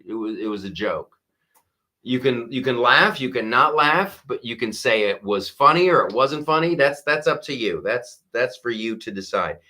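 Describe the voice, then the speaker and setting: Middle-aged guy doing a live stream podcast, animated and jokey, bright voice that bounces all over. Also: mid-range voice, moderate pace, hardly any pauses. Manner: animated, laughs often, mocking voices for quotes. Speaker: podcast host. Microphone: wearing a strapped headset or mic.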